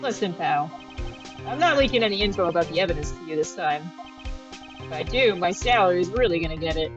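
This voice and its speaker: A woman's voice: lowish voice, lively intonation, fairly quick, close to an everyday voice. A woman voicing a scruffy, broke, goofy male detective in a blustery way, over game music. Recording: dull lo-fi audio.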